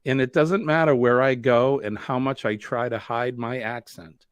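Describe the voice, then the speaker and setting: A man's voice: mid-range voice, steady tone, normal speed, clear, resonant tone, no echo. A man from New England with a Boston accent, hosting a live stream, chatting in a rambling way and answering viewer comments. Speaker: host.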